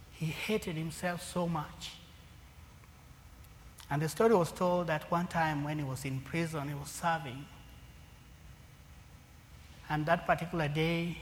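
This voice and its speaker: A man with a fairly high voice preaches a sermon to his congregation. He swings from loud, emphatic lines down to near-whispers. The hall rings with a long echo under a faint hum of noise.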